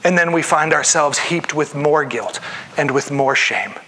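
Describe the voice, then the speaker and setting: A man's voice: a little high, lively intonation, measured pace, sharp tone. A man pastor preaching a sermon in an earnest, conversational way, acting out the inner voices of his listeners.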